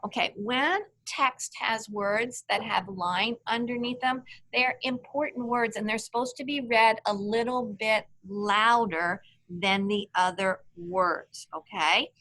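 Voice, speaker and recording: Woman teacher, patient online reading lesson, slow and bright, slightly high voice. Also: fairly even intonation. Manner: patient, clear, asks children questions by name.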